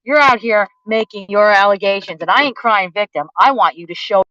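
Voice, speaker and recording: This woman vlogger has a mid-range, slightly bright voice and goes at a fairly quick pace as she confronts her target to camera with a furious, foul-mouthed, mocking tirade full of accusations. It's captured as dull, dry lo-fi audio without room sound.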